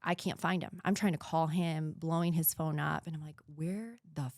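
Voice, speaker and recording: As a podcast guest, a woman in her thirties recounts a painful personal story, speaking earnestly in a low voice that occasionally falls to a hushed whisper. Her tone stays level, her pace runs a little fast, and there's some vocal fry. The recording is dry and close, with no room sound.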